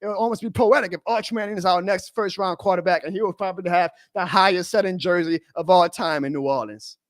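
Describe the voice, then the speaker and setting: A man hosting a live fan stream, ranting in a heated, profane way that swings up to shouting. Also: high voice, fast, no room sound, studio quality. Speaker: fan show host.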